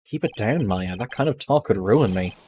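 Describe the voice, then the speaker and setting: A man's voice: on the low side, animated, normal speed, mellow, slight background noise, lightly acted. A man voicing a flustered young defense lawyer who makes dry, sarcastic remarks, reading game dialogue.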